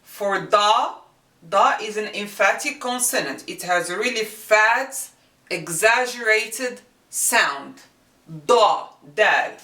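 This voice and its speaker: A woman teaching the sounds of a script in a language lesson, slowly repeating each sound to demonstrate it. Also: medium pitch, bright, forceful tone. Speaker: Arabic teacher. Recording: echoey room, mic at a distance.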